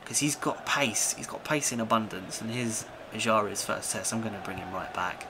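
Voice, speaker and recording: A young man giving live commentary on his own football video game, talking to the players on screen and swinging between muttering and shouting. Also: lowish voice, moderate pace, background noise. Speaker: gaming YouTuber.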